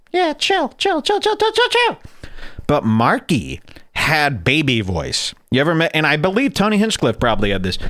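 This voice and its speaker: A male podcast host whose voice swings widely in pitch as he spins crude, jokey stories. His voice sits at a middle pitch. It is recorded close and dry, with no room sound. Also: dry recording. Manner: animated, profane, jokey storyteller. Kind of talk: casual storytelling chat.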